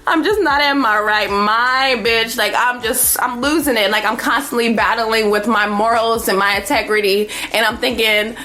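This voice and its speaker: A young woman telling a story to her viewers in a brash, profane, animated way, laughing often. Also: fairly high pitch, moderate pace, few pauses. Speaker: vlogger. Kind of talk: casual storytelling.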